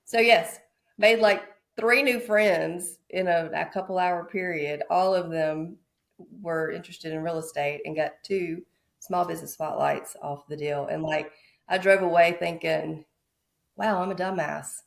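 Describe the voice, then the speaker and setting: A woman realtor from Mississippi telling a lively story on a podcast, acting out the people she quotes. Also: on the low side, a little slow, gravelly. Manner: animated, acts out quoted voices. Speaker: realtor guest.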